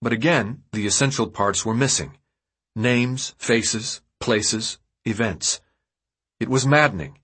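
A man narrating an audiobook in an expressive storytelling manner. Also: medium pitch, slow, husky. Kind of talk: scripted narration.

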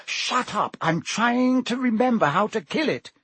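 A man voicing a bossy, know-it-all schoolgirl witch in a storybook reading, shrill and urgent. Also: expressive, measured pace, fairly bright tone, husky, no room sound, full character voice.

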